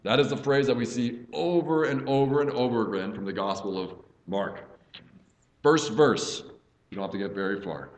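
A man's voice: mid-range voice, moderate pace. A man teaching a Bible study as a pastor, earnest, reading scripture aloud with emphasis. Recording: echoey room.

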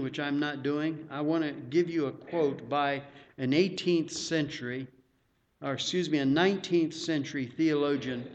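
A man's voice: on the high side, muffled recording. A man preaching a sermon as pastor, emphatic and repeating words for stress.

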